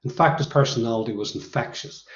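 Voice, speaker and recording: A hoarse man, a motivational speaker telling anecdotes to students in a conversational way. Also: medium pitch, darkish tone, roomy sound, muffled recording. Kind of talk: storytelling talk to students.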